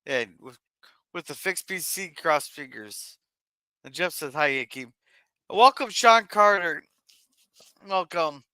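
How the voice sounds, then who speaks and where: A man hosting a casual livestream, reading viewer messages aloud in a chatty, halting way. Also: on the high side, expressive, pushed and bright, smooth, no echo. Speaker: stream host reading chat.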